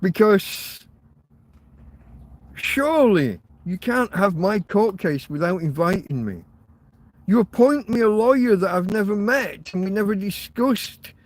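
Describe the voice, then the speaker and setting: An English podcast host with a high-pitched voice rants angrily in a monologue on his own show, swearing and close to tears. Despite the agitation, his intonation is lively and his pace measured.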